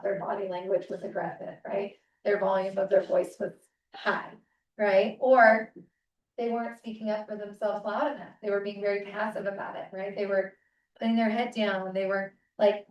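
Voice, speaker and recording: In a seminar room, a woman with a mid-range, darkish voice gives a parent seminar in a relaxed, conversational teaching style, often checking in with "right?" The recording is muffled and roomy, picked up by a distant mic.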